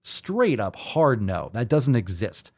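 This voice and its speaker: Animated, profane male fitness host. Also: mid-range voice, takes it slowly. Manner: profane, incredulous, rhetorical. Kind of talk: ranting commentary.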